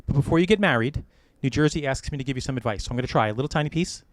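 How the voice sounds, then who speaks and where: A middle-aged American man leads a wedding ceremony, mixing light jokes with heartfelt advice. He talks quickly, and his voice sits close and dry on the mic. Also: medium pitch, animated, no room sound. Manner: warm joking advice, gentle storytelling. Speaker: wedding officiant. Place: outdoor or hall wedding ceremony.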